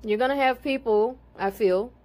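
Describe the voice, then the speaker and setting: A woman's voice: a little high, normal speed, darkish tone. Woman, spiritual reader, casual monologue, cursing freely, gets fired up and preachy. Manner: blunt and profane, grows heated and preachy. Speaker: spiritual card reader and healer.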